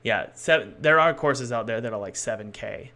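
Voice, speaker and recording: A man's voice: medium pitch, normal speed, sharp tone. Guy live-streaming his coding, rambly, keeps restarting sentences and talking to chat. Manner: rambling, loose and self-correcting; thinks aloud while working. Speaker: game developer streaming his work.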